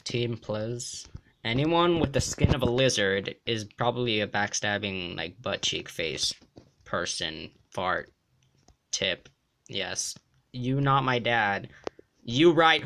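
A young man giving excited gameplay commentary, jumping between mumbling and sudden yelps and shrieks. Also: mid-range voice, a little slow, slight background noise. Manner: jumpy, yelps and shrieks when threatened. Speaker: gaming YouTuber.

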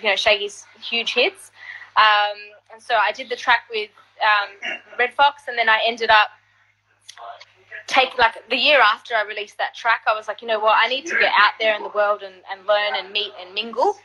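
A woman singer telling stories in an animated, casual way during an interview. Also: fairly high pitch, moderate pace, rough recording. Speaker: singer and guest artist.

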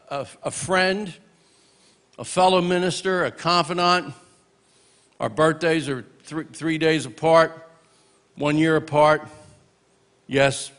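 Delivering a eulogy at a church memorial, a man in his late sixties recalls an old friend through funny stories. He is a minister, his voice sits slightly high for a man, and he punctuates the memories with exclamations of praise.

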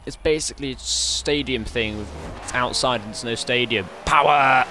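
A man excitedly commentating his own racing game play, breaking into strings of repeated exclamations. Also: mid-range voice, moderate pace, background noise. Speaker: gaming streamer. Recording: game music behind.

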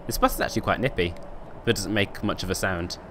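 A young man from the United Kingdom streams a bus game, offering casual gameplay commentary while joking and chatting with viewers. His voice is deep and his pace quick, with background noise present.

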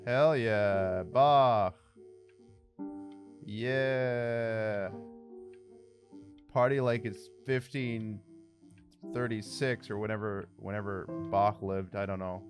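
A man's voice: lowish voice, fairly even intonation, takes it slowly, pauses often. A young man streaming a game playthrough, whining dramatically and joking as he plays. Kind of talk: live game playthrough commentary. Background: game music.

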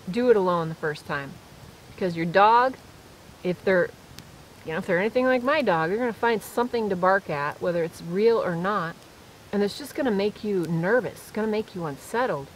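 Woman vlogger, casual and animated, telling camp stories outdoors with a faint hiss. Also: mid-range voice, poor audio. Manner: chatty, animated storyteller. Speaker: solo camping vlogger. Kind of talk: casual storytelling to camera. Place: outdoors in the woods at night.

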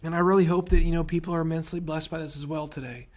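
A man's voice: a little high, steady tone, very fast, darkish tone. A man hosting a faith podcast, talking earnestly and with open emotion to his guest. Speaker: podcast host. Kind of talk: reflective interview conversation.

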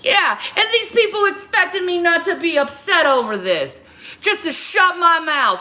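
A woman's voice: very high-pitched, expressive, unhurried, sharp tone. A woman ranting on a livestream, furious and profane, confronting her critics head-on. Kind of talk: angry livestream rant.

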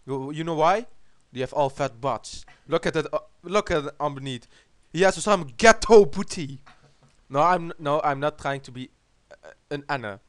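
A man's voice: fairly high pitch, moderate pace, a bit bright, no echo. A man with a Dutch accent giving crude, joking commentary while playing a video game, swearing often. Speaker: let's play commentator. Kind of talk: casual gameplay commentary.

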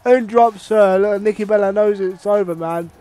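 A young man giving casual, excitable, swearing play-by-play commentary over a wrestling video game. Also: sits high, moderate pace, clear, resonant tone, dry recording. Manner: excitable and profane, with sudden outbursts. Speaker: gaming channel host.

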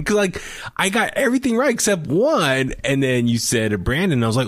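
A man hosting a casual podcast chat, telling his stories in an animated, talkative way. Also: high voice, quick pace, no echo, clean studio sound. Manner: animated, chatty storytelling. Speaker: podcast host.

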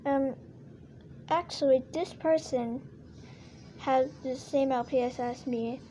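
A female vlogger talks casually to her viewers in a high, bright-pitched voice. She speaks slowly and rambles, filling gaps with ums and uhs. Faint noise sits behind her. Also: fairly even intonation. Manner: rambling, many fillers and restarts. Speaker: toy collector vlogger. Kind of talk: casual chat to camera.

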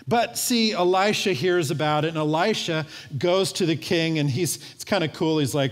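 Pastor preaching in a reverberant church. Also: male voice, a little high, moderate pace, few pauses. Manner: lively storytelling with acted-out voices. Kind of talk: sermon. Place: church sanctuary. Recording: long church hall reverb.

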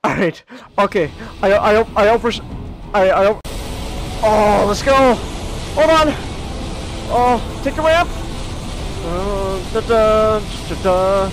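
A male streamer giving casual, excitable gaming commentary, stammering and exclaiming often. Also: high-pitched, slow, long pauses, background noise.

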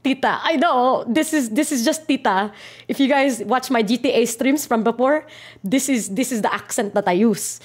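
A woman's voice: fairly high pitch, normal speed, husky. A woman voicing a chatty middle-aged Filipino auntie, with a Filipino English accent and a singsong, exaggerated way of talking. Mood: playful.

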